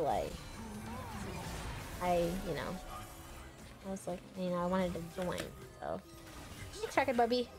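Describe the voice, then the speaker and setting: Excitable young woman gaming streamer. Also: mid-range voice. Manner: chatty and excitable, quick to laugh and yell at teammates. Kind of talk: casual gameplay commentary.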